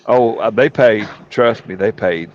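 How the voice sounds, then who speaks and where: In an unhurried, fairly low voice, a man on a talk show shares rowdy, casual stories with a folksy drawl and plenty of colorful cursing. Faint room noise sits under the dull, lo-fi sound.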